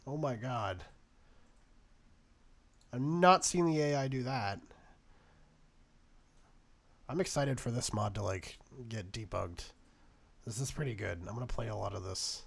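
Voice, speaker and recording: A man's voice: mid-range voice, unhurried, creaky, long pauses. A young man giving casual let's-play commentary on a strategy game, sarcastic and exasperated, talking to the nations on screen. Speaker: gaming YouTuber.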